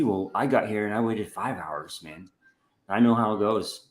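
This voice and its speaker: A young man co-hosting a casual chat, telling a story with lively acted-out quotes. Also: reverberant. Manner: animated storyteller who acts out quotes with a jumpy pitch. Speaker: podcast co-host.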